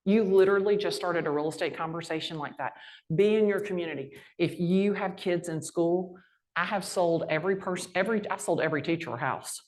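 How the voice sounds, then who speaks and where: A woman's voice: lowish voice, fairly quick. Brash woman telling stories. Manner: brash, lively, folksy storyteller. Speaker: guest speaker. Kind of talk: storytelling talk on stage.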